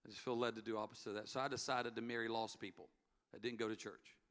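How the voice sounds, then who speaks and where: A man's voice: fairly low pitch, flat delivery, fast, fairly bright tone. A middle-aged man, a pastor, telling a story in an earnest sermon, repeating key words for emphasis. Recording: long hall reverb, faint music. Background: faint music.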